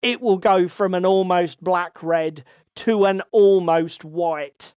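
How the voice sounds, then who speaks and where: A man's voice: high-pitched, takes it slowly, a little mellow, smooth, no echo. A man hosting a casual hobby podcast, chatty and given to swearing. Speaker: podcast co-host. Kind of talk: casual chat. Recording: slightly dull lo-fi audio.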